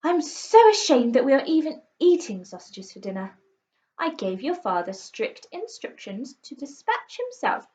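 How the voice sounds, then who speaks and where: A woman's voice: on the high side, darkish tone. Woman voicing a stuck-up posh mother, prim and scolding, slightly lo-fi. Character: posh snobbish mother, middle-aged woman. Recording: slightly muffled lo-fi recording.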